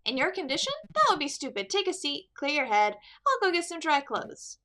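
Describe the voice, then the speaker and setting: A woman's voice: high-pitched, very animated, a little fast, bright, forceful tone, pitched above the performer's own voice, exaggerated voice. A woman voicing a friendly male kingfisher fisherman in a game, who chatters eagerly. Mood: caring. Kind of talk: game dialogue read aloud.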